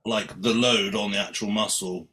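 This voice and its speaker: A man with a low but bright, forceful voice bluntly explains lifting science. He speaks plainly and with some swearing in a casual chat. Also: steady tone, moderate pace. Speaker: podcast co-host.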